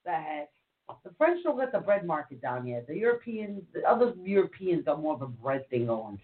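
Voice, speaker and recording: A woman's voice: low-pitched, sing-song, fairly quick. A woman co-hosting a casual online teaching chat, joking around in a playful, goofy way. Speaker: co-host. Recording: tinny narrow-band online call audio.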